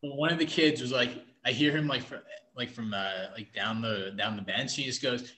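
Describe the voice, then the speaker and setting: A young man in casual podcast chat, telling long rambling anecdotes and breaking into laughter. His voice sits at a middle pitch. It rings a little in an echoey room. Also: moderate pace, bright, forceful tone. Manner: rambling storyteller, laughs often. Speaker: podcast co-host.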